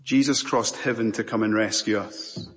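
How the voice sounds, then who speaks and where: Scottish preacher in a reverberant hall. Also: male voice, on the low side, steady tone, fairly bright tone. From Scotland. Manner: impassioned preaching with long pauses. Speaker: pastor. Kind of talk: sermon. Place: church sanctuary.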